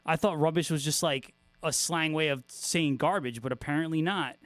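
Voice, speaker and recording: Guy on a guitar stream, kinda high voice, super casual, jokes and swears a lot, dry close sound. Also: normal speed, a bit bright, no echo. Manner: laid-back, joking, swears freely and laughs often. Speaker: guitarist hosting a livestream. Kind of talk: casual livestream chat, reading viewer comments.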